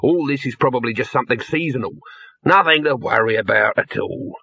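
A man voicing a pushy, impatient male film boss with a brisk, dismissive manner. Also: mid-range voice, gravelly, bright, forceful tone, breathy edge, full character voice. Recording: dull lo-fi.

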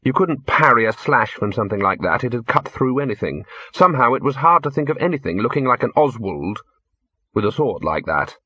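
A man calmly narrating a story as an audiobook reader. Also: medium pitch, a little fast, slightly rough, dry recording, dull audio. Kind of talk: scripted narration.

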